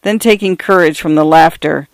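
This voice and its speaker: A man narrating first-person literary fiction in a measured, even storytelling voice. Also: fairly high pitch, clear, resonant tone, dry recording. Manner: measured, evenly paced storytelling.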